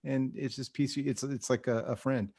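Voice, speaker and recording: A man's voice: mid-range voice, steady tone, moderate pace, a little mellow, husky, dry recording, clean studio sound. A man hosting a podcast, telling a rambling story and laughing through his lines. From California. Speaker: podcast host. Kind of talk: casual podcast chat.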